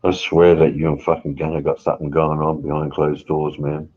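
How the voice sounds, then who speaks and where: A man's voice: very deep voice, flat delivery, brisk, slightly rough, highs cut off. A man in laid-back banter with a friend over voice chat, ribbing him and laughing easily. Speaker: gamer chatting with a friend.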